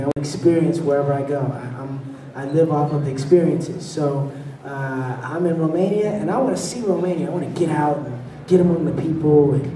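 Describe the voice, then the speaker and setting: A man on a convention panel telling stories with lively delivery, laughing often and acting out the people in his tales. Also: fairly high pitch. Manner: animated, laughs between anecdotes, acts out voices. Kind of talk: storytelling on a fan panel. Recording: echoey hall, voice from far off.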